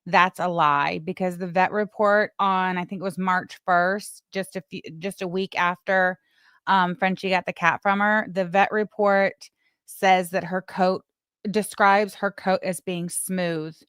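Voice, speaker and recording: Smooth-voiced, indignant woman, dry sound. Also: lowish voice, fairly even intonation, a little slow, fairly bright tone, dry recording. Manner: indignant and sarcastic.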